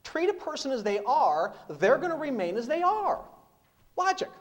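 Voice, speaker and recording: Animated middle-aged man giving a seminar. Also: extremely high pitch, moderate pace. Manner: emphatic, rhetorical questions and repeated punchlines. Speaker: business speaker. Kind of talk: live seminar talk. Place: seminar room with audience.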